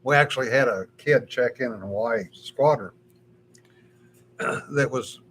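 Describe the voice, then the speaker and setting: A man's voice: medium pitch, slow pace, a bit bright, a little hiss or hum. An older man co-hosting a casual podcast, telling rambling stories and chuckling often. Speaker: podcast co-host. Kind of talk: casual chat.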